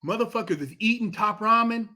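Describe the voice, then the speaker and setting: A middle-aged man telling stories as a podcast guest, animated and emphatic, swearing a lot and acting out quotes. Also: high-pitched, a little fast. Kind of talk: casual chat, storytelling.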